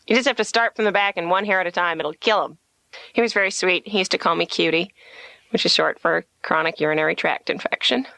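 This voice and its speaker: A woman comedian talking to her therapist, telling deadpan jokes and slipping into quick put-on voices. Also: on the low side, gravelly, no echo. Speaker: patient, comedian. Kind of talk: stand-up style monologue in a cartoon.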